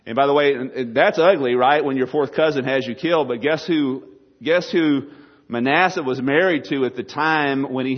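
A man preaching in a folksy, joking way, speaking directly to his listeners as he tells stories. His voice sits at an ordinary middle pitch. The recording is dull and lo-fi. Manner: folksy, jokey, talks to the audience. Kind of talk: sermon with storytelling.

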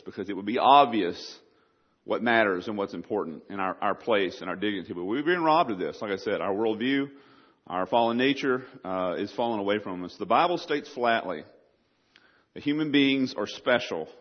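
A man's voice: lowish voice, expressive, moderate pace. Male pastor, sermon delivery, emphatic on quotes, slightly muffled recording. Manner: preaching with rising emphasis on scripture quotes.

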